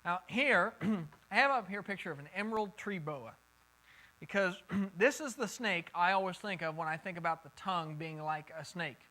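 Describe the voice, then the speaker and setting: A pastor leads a Bible study sermon in a conversational style, his high, sharp voice at a moderate pace. He often repeats words while thinking and takes questions from the group. The audio quality is poor.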